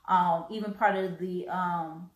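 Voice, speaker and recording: A woman hosting a live stream, talking earnestly with halting restarts and repeated words, choked up and coughing now and then. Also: on the low side, steady tone, reverberant, poor audio. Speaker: host.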